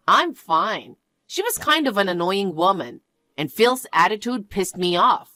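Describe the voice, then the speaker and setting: A young woman narrates her own story in first person. Her pitch swings lively and her delivery is expressive and exclamatory. The recording is dry and close-miked. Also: unhurried, no echo.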